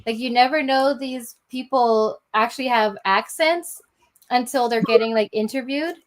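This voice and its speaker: A woman's voice: a little high, normal speed. A woman co-hosting a casual chat, gushing and chatty with many fillers.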